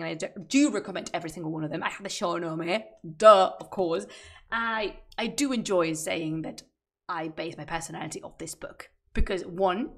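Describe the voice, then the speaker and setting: A woman chatting casually on a livestream, enthusiastic and a bit rambling, with fillers. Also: lowish voice. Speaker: streamer.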